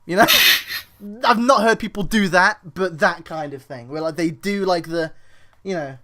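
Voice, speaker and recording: A man's voice: high voice, moderate pace, pushed and bright. A young man gaming and bantering over voice chat, sarcastic and teasing, swearing often. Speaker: gamer streaming play.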